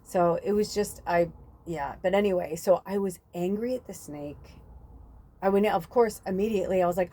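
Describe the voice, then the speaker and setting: A woman's voice: lowish voice, normal speed, warm tone. A woman hosting a spiritual podcast, talking in a casual, rambling monologue full of fillers and the odd swear word.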